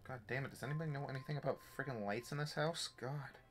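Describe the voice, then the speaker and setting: A man's voice: mid-range voice, fast talker, fairly bright tone, slight background noise. Jumpy, profane young man playing a horror game. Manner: jumpy, profane, jokey, talks to himself. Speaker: gameplay streamer. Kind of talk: live horror game commentary. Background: faint game music.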